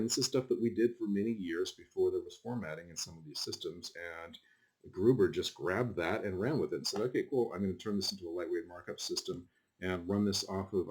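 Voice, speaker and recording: A very low-pitched man gives a relaxed screen-recorded lecture to his class. He rambles, drifts into asides and fills gaps with ums and likes. Keyboard typing can be heard now and then behind him. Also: slightly rough. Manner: casual, rambling, with frequent fillers and asides. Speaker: college instructor.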